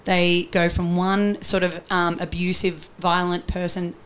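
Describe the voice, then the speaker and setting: A woman's voice: lowish voice, flat delivery, a little slow, a little hiss or hum. A woman relationship coach talking in an interview, explaining her ideas earnestly and walking through everyday examples. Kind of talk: conversational interview.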